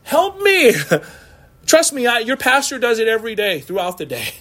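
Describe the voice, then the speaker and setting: A man's voice: very high-pitched, big pitch swings, fast, a bit bright. A man preaching a sermon as a pastor, conversational and laughing often, acting out little quoted exchanges.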